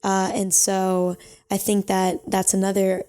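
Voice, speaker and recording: A woman's voice: mid-range voice, monotone, a little slow, dark tone, smooth. A young woman hosting a casual advice podcast, chatty and reflective, giving reassuring advice with frequent filler words. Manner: chatty and reflective, with frequent "you know" and self-corrections. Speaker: podcast host.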